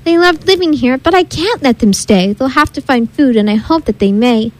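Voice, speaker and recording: A grumpy little male forest creature from a storybook, croaking out rebukes in a high, querulous voice, as a woman reads him. He sniffles and coughs between his scoldings. Cross and wheezy. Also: animated, normal speed. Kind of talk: storybook read-aloud.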